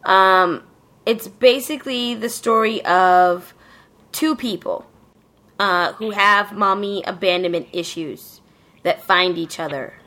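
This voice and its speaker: A woman's voice: medium pitch, takes it slowly, bright, forceful tone. A woman hosting a casual podcast, recapping an anime in a rambling, profane way full of fillers. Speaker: podcast host.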